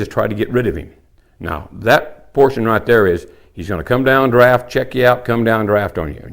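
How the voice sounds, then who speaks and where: A medium-pitched, gravelly-voiced older man teaches elk calling in a folksy, plainspoken style. It's a hands-on tutorial, with him demonstrating the calls as he speaks.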